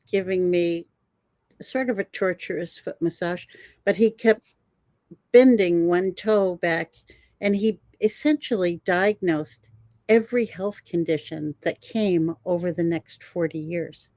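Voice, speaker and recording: An older woman, a guest herbalist, telling animated stories in an interview and laughing often. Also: fairly low pitch, dry recording. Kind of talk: storytelling in an interview.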